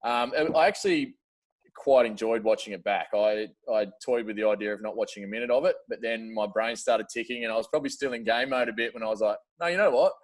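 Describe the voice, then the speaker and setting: A man's voice: fairly low pitch, fairly even intonation, quick pace. An Australian man chatting casually as a podcast guest, laid-back and slangy, laughing often. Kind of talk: casual chat.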